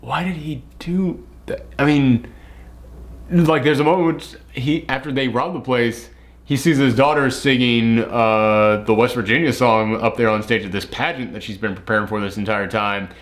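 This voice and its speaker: A man's voice: medium pitch, fairly even intonation, moderate pace. Sleep-deprived man rambling through a film review. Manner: rambling, loopy, laughing at own mix-ups. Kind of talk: casual movie review chat.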